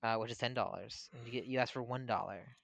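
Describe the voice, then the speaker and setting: A man co-hosting a podcast in casual chat, joking in a dry, deadpan way. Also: medium pitch, fast talker, vocal fry, dry recording. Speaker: podcast co-host.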